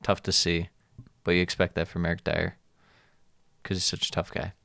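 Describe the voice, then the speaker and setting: Low, smooth-voiced man talking football. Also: normal speed, no echo, studio quality. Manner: relaxed, rambling, laughs often. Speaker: podcast co-host. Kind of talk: casual sports chat.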